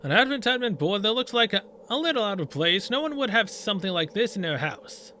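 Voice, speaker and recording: A man's voice: high-pitched, sing-song, fast talker, bright, forceful tone, a little hiss or hum. A man playing through a story game, reading its dialogue aloud and adding sarcastic asides. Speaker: gaming video creator.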